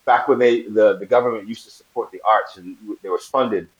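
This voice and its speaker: Brooklyn man, animated storyteller. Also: lowish voice, a little fast, lo-fi sound. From Brooklyn, New York. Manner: animated storyteller acting out quoted voices, laughing often. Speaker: actor guest. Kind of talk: casual storytelling interview.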